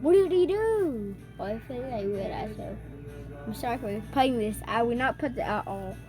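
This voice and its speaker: A woman giving casual, excitable commentary while she reacts to a scary short film, often breaking into jumpy, loud exclamations. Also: on the high side, moderate pace, music in the background. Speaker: video reactor.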